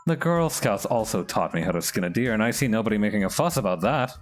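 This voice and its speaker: A man's voice: lowish voice, lively intonation, fast, faint music behind, natural voice. A man voicing a blunt, matter-of-fact woman patron at a bar.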